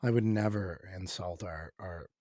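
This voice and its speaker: A man from Canada telling rambling, animated stories as a musician guest on a casual podcast. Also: deep voice, unhurried, no echo, clean studio sound.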